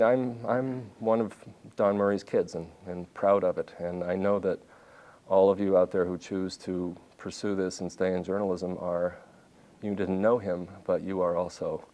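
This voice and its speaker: A man in his fifties with a very low, deep voice addresses a university audience as a visiting journalist. He tells his stories in an animated way, often breaking off and restarting his sentences as he goes. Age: 50s. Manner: animated storytelling with restarts and self-corrections. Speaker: visiting journalist giving a talk. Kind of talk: lecture with anecdotes. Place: university lecture hall.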